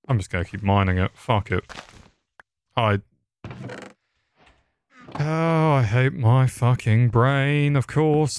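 A young man doing casual, crude Minecraft commentary, rambling with dark jokes and heavy swearing. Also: mid-range voice. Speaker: gaming YouTuber.

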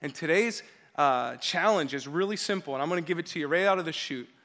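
Male pastor, sermon. High voice with a sharp, forceful edge. Energetic and emphatic, drives call-and-response with the congregation. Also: fast talker. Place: church service.

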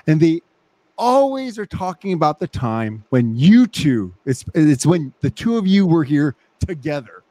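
A man's voice: mid-range voice, sing-song, moderate pace, mellow, dry recording. A man hosting a casual chat as a pastor, easygoing, asking open questions. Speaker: host pastor.

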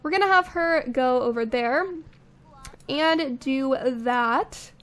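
A woman's voice: high-pitched, lively intonation, slow pace, clear, resonant tone. A young woman giving casual, chatty gameplay commentary, thinking aloud with frequent little laughs, recorded on a condenser mic. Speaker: let's play host. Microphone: studio condenser microphone.

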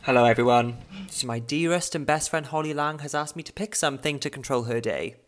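A man's voice: mid-range voice, a little fast. A young man giving a challenge in a recorded video message, theatrical and teasing.

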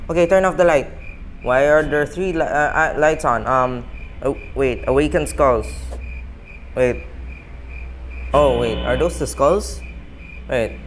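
Excitable young-sounding man gaming. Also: a little high, slight background noise. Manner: excitable, panicky, counts aloud and talks to viewers. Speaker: gaming channel host. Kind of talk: let's-play commentary. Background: game music.

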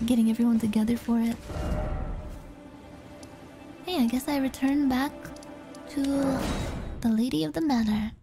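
A woman's voice: on the high side, a little fast. A woman streaming a game, chatting casually, joking, swearing and thinking aloud. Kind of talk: casual gaming chat. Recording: game music behind.

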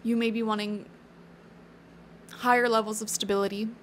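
A woman's voice: mid-range voice, little pitch movement, moderate pace, a little hiss or hum. A woman giving a casual, encouraging tarot reading, chatty and thinking aloud with fillers. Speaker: tarot reader.

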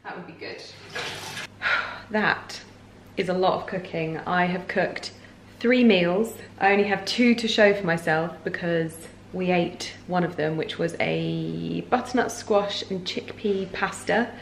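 A woman vlogging casually in her home kitchen, talking fast and bubbly with frequent ums and little laughs. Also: fairly low pitch, gravelly, echoey room, slight background noise. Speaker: lifestyle vlogger. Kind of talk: casual chatty vlog narration.

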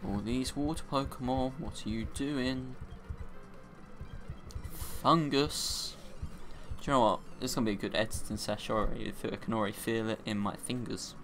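A young man giving casual gameplay commentary, excitable and crying out in high-pitched dismay when things go wrong. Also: moderate pace, soft background music. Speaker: let's play gamer.

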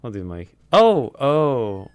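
A man co-hosting a casual let's-play of retro games, excitable, with quick outbursts and frequent laughs. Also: mid-range voice, crowd noise. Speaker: game player and co-host.

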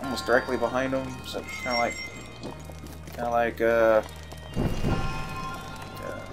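A man's voice: mid-range voice, flat delivery, measured pace. A man playing a video game on a let's play, talking casually with friends and grumbling at the game. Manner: exasperated, swears mildly at the game. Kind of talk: casual gaming commentary. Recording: game music in the background.

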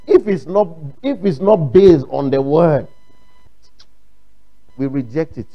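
A man's voice: a little high, lively intonation, measured pace, pauses often, lo-fi sound. A man with a Ghanaian English accent preaching a sermon, emphatic and repeating his points, acting out quotes. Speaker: pastor.

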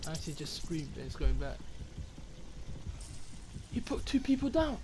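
A young man giving slangy, excitable gameplay commentary and swearing often. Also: a little high, normal speed, background noise. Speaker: gaming YouTuber.

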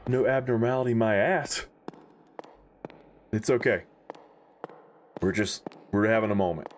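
A man's voice: fairly low pitch, measured pace, slight background noise, rough recording. Jumpy, swearing man gaming. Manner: jumpy, loud, swears often while reacting. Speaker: gaming commentator. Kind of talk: horror game let's play commentary.

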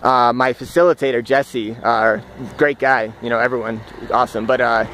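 A man recording a personal reflection vlog outdoors, speaking in an earnest, halting, searching way and often restarting his phrases. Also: medium pitch, fairly even intonation, a bit bright, slight background noise. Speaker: vlogger. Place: outdoors, walking in the countryside.

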